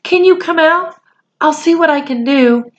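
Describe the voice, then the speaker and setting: A woman's voice: high-pitched, measured pace, dull audio, pitched above the performer's own voice. A woman doing an anxious young boy. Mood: urgent.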